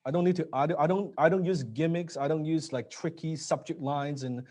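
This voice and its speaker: Blunt male sales coach, casual and profane, slightly high voice, goes quiet for emphasis. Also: fairly quick. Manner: blunt, swears, drops to a low emphatic voice. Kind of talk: live training session.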